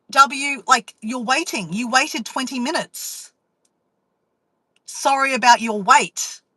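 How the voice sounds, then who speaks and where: A woman's voice: on the high side, breathy edge, no echo, rough recording. Chatty woman telling a story, dry sound. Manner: chatty, animated, acts out inner voices. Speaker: vlogger. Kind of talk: casual storytelling to a live chat.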